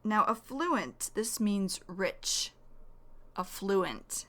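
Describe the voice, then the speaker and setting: A woman teaching English vocabulary slowly and clearly, repeating each new word. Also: mid-range voice, lively intonation, sharp tone. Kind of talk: slow vocabulary lesson.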